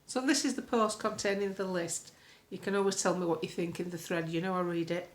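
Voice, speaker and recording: A woman's voice: on the low side, steady tone, fairly quick. A woman from the UK talks straight into the camera from her home. She delivers a blunt, opinionated political monologue with a colloquial, earthy turn of phrase. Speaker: political commentator.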